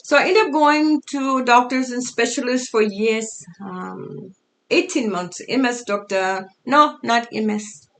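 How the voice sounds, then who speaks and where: Middle-aged woman, kinda high gravelly voice, foreign-sounding altered speech, halting casual storytelling. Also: a bit bright, slight background noise. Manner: halting, with fillers and restarts. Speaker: storyteller sharing her life.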